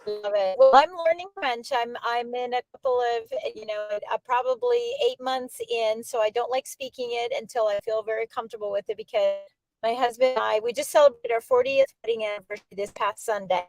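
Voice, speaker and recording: A woman's voice: on the high side, very animated, a little fast, a little mellow, faint music behind, poor audio. An American woman in her sixties, a guest author, chatting in an upbeat, emphatic way. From United States. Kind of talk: casual interview chat.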